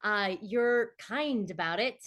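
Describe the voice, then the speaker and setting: A woman's voice: mid-range voice, slow pace, fairly bright tone. A woman actress, a guest on a podcast, chatting casually and expressively and laughing often. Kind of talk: casual chat.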